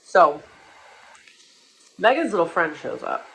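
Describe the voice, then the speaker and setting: A woman's voice: lowish voice, sing-song, takes it slowly, a bit bright, a little hiss or hum, rough recording. A young woman telling a wild personal story in casual comedic style, rambling and profane, with many restarts and asides.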